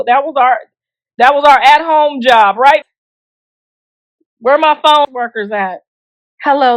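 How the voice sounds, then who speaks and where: A middle-aged woman hosts a celebrity gossip show, bluntly joking, laughing often, and talking straight to viewers in slang. Her voice is high-pitched, with no echo in the recording.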